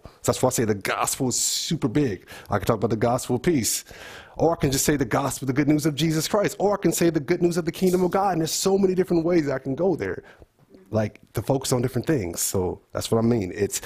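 A man's voice: mid-range voice, darkish tone, husky. A man leading a bible study group, thinking aloud and putting questions to the group.

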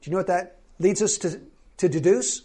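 A man with a high-pitched voice preaches a sermon in a church. He talks conversationally and keeps putting questions to the congregation. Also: brisk, mellow, husky. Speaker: pastor.

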